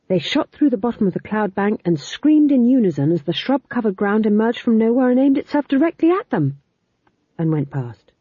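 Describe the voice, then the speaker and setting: Lively woman reading a story. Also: a little high, brisk, husky, dry recording. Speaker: narrator. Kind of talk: audiobook narration. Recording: tinny phone-like sound.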